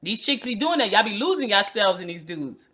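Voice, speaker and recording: A woman with a New York accent co-hosting a casual review chat, blunt and animated, laughing often. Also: mid-range voice, a little fast, breathy edge. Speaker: co-host of a reality show review.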